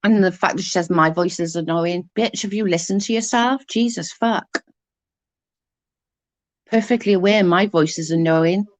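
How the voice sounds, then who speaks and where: A woman's voice: medium pitch, moderate pace, long pauses, no room sound. A woman in her forties with a Newport Welsh accent, ranting casually in a blunt, sweary and sarcastic way. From Wales. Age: 40s. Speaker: vlogger.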